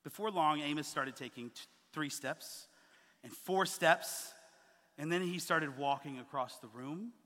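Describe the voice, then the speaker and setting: Man, pastor, sermon, slightly high voice, long hall reverb. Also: a little slow. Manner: animated storytelling, acting out quoted voices. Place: church sanctuary.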